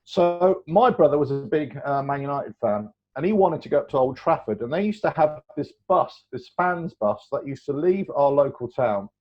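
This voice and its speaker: A man, telling stories as a guest in a casual chat, animated and rambling, laughing often. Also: fairly high pitch, moderate pace, hardly any pauses. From England. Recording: dull lo-fi recording.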